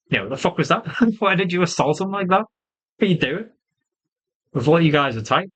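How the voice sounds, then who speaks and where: A man giving a casual solo wrestling review, animated and swearing freely, often laughing. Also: on the high side, moderate pace, pauses often, poor audio.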